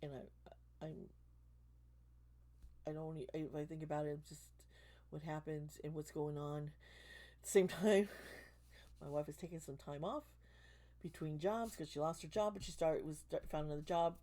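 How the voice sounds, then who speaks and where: A woman in her forties, hoarse from losing her voice, talking casually and emotionally to her channel members, rambling and restarting her sentences. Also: deep voice, steady tone, moderate pace, long pauses, dark tone. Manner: rambling, emotional, many restarts, swearing when worked up. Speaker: tarot reader and channel host.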